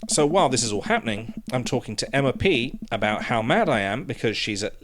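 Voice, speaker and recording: A man voicing an upset teenage girl hurt by her friends, reading game dialogue aloud in a low-key, deflated way. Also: lively intonation, a little fast, noisy background, natural voice.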